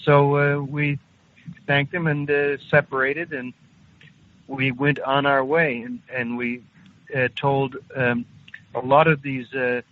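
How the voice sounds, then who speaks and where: A man in his sixties, an interview guest, slowly recounting a personal story with many hesitations. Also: medium pitch, little pitch movement. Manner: halting, unhurried, frequent hesitations. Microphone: phone call. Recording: tinny phone line.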